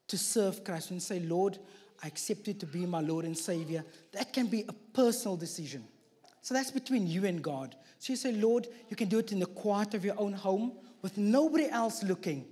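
A man's voice: high-pitched, darkish tone. A man preaching a sermon with an accent that stands out to his listeners, mixing scripture with jokey, self-deprecating asides. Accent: non-local accent. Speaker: guest preacher. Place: church hall. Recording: echoey church hall.

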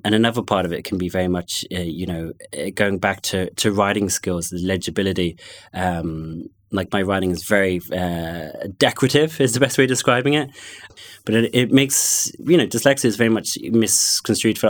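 A middle-aged man with a London accent tinged with Connemara, thoughtfully recounting his own experience with many pauses and restarts. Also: fairly low pitch. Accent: London with touches of Connemara. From born in London, family from Galway. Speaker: guest sharing personal experience. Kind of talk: reflective personal account.

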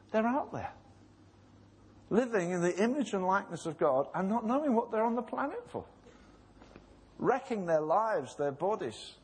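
In church, a pastor preaches with impassioned, pleading intensity, acting out the voices of characters in the scenes he retells. His voice sits high and sing-song with a breathy edge, and his pace is moderate.

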